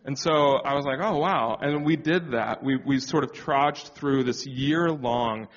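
A man's voice: mid-range voice, measured pace. A man telling his marriage story as a personal testimony in a church talk, candid and reflective with many fillers. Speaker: church speaker. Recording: dull sound with long hall reverb.

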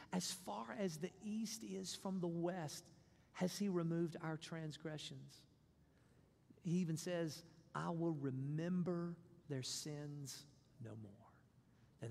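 A man's voice: fairly high pitch, vocal fry, a little mellow, in a large hall. A man preaching a sermon as pastor, emphatic, repeating his points and acting out quotes.

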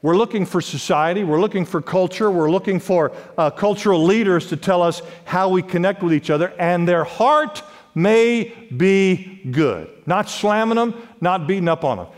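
High-voiced preaching man in a reverberant hall. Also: animated, normal speed. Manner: emphatic preaching with wide swings in pitch and volume. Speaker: pastor. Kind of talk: sermon. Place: large church sanctuary.

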